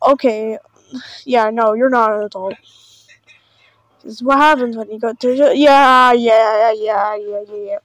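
A woman with a high, bright-sounding voice reacts to videos in a loose, chatty way, swinging between sarcasm and exaggerated fake panic. Her voice is recorded close and dry, with no room sound. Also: steady tone, measured pace, long pauses, no room sound, low-quality recording. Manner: mock-panicked, sarcastic, repeats "oh no, guys". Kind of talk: casual reaction commentary.

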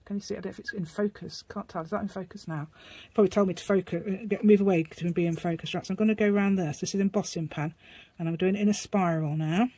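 A woman's voice: medium pitch, fairly even intonation, fast, dark tone, slightly rough, no echo. A woman chatting casually as she demonstrates a craft, rambling as she works and making asides to her dog. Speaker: craft vlogger.

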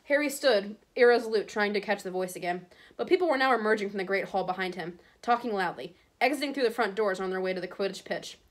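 A woman teacher reading a novel aloud to her class at a steady pace, now and then stumbling and correcting herself. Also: medium pitch, fast.

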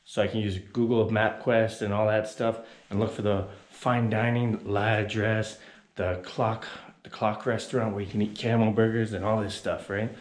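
A man's voice: fairly low pitch, level tone, moderate pace. A man casually vlogging while walking through a city, chatting and giving tips to viewers. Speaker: travel vlogger. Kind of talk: casual travel vlog. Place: outdoors on busy city streets. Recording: noisy outdoor street recording.

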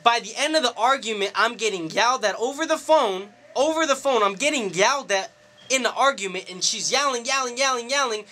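High, bright-voiced man telling a story. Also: fairly quick. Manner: animated, profane, slangy storytelling. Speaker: DJ and club promoter. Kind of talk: casual storytelling monologue to camera.

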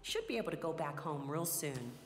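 A kindly low-voiced game nurse. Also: female voice, animated, a little fast. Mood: reassuring. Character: friendly female nurse, kindly and reassuring. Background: game music.

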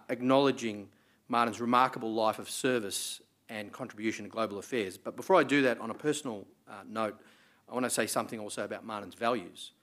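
A middle-aged Australian man with an Australian accent delivering a formal memorial address in a measured, earnest way, with the occasional filler. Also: mid-range voice, fairly bright tone. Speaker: member of parliament giving a memorial speech.

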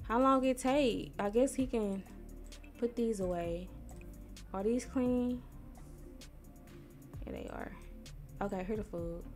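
A young woman from Missouri giving casual, slangy commentary while playing a life-sim game and talking to its characters. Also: mid-range voice. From Missouri, USA. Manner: chatty, talks to herself and the characters, slangy, quick to get annoyed. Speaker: gaming YouTuber.

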